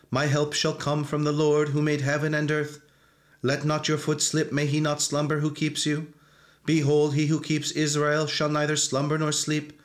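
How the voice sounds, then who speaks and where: A man serving as church reader, reciting psalms in steady liturgical intoning. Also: on the high side.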